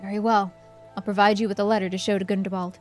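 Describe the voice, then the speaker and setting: A woman's voice: medium pitch, flat delivery, quick pace, darkish tone, faint music behind, lightly acted. A woman voicing a stern, protective male rebel captain, reading game dialogue aloud.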